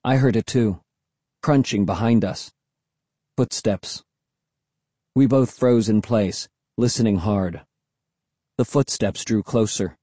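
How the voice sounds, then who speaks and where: A man reading a first-person story aloud in a lively, expressive way. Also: fairly low pitch, slow pace, long pauses, slightly rough, dry recording. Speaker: audiobook narrator.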